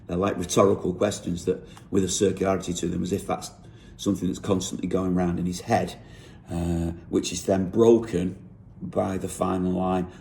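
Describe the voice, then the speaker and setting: A songwriter explaining how he wrote a song lyric. He thinks aloud in an unhurried way and often corrects himself. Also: low voice, creaky, mellow, a little hiss or hum.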